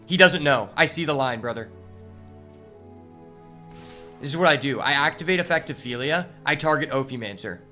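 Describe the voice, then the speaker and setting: A man streaming a card game, commenting live in an excitable, exasperated way and swearing often. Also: fairly high pitch, quick pace, soft background music.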